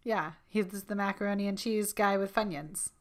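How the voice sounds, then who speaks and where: A woman co-hosting a podcast in casual chat, playful and quick to laugh. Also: medium pitch. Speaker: podcast co-host.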